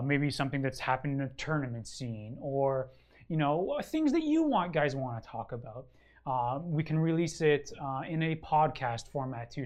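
A man co-hosting a casual wargaming chat show, answering a listener's question in a rambling, enthusiastic way full of ums and uhs. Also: fairly high pitch. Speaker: regular co-host of a wargaming show.

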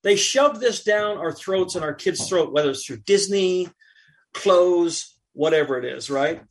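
A middle-aged man talks casually on a podcast, his voice sitting a bit high for a man. He tells his anecdote with energy and acts out each character's lines as he goes. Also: unhurried. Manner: animated anecdote telling with acted-out quotes. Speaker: podcast guest. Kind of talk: casual chat, storytelling.

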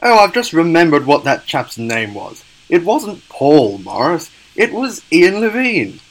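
A man's voice: a little high, big pitch swings, a little slow, rough recording. A man co-hosting a comedy podcast in a dry, matter-of-fact way. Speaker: podcast co-host. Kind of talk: comedy sketch and casual podcast chat.

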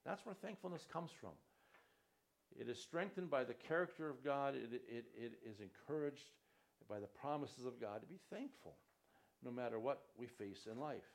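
A man's voice: mid-range voice, expressive, moderate pace, vocal fry. A male pastor preaching a sermon, reading scripture aloud with rising emphasis.

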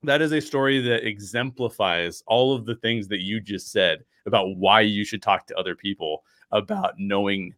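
A man in his thirties, a podcast host telling a personal story with lively acted-out quotes and frequent restarts. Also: lowish voice, normal speed, hardly any pauses, no room sound, clean studio sound. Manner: animated storyteller acting out quotes, many restarts.

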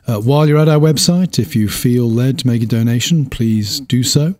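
A man hosting a podcast, wrapping up in a measured way with frequent uhs. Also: mid-range voice, darkish tone. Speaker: podcast host. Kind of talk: podcast closing remarks.

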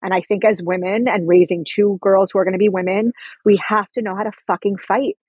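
Husky 40s woman, blunt and emphatic, swears a lot, casual interview chat. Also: mid-range voice, fairly even intonation, fairly quick, darkish tone, dry recording, dull audio. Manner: candid, emphatic, swears freely. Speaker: podcast guest and content creator.

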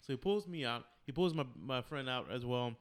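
A man in his thirties telling a story in casual chat, animated and often breaking into laughter. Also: medium pitch, fairly quick.

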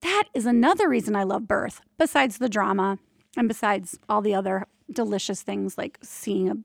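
A woman working as a doula, telling stories from her work in a lively, candid, casual monologue that slips in the odd mild swear. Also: medium pitch, moderate pace, vocal fry, no echo, clean studio sound. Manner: animated, candid, playful, drops mild swears. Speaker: doula and prenatal yoga teacher.

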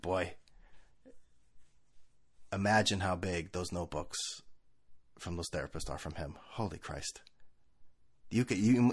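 A middle-aged man hosting a casual sports rant, animated and laughing, often mimicking people in funny voices. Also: sits low.

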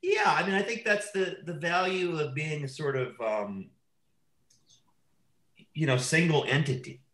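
A man's voice: on the high side, unhurried, echoey room, rough recording. A man, a documentary filmmaker, telling rambling anecdotes in casual conversation and often breaking off mid-sentence. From Wisconsin. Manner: rambling, self-interrupting, animated anecdotes.

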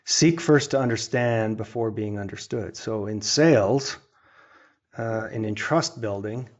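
A man's voice: on the low side, unhurried. A male podcast host guiding the interview in a friendly, encouraging way. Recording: dull lo-fi sound.

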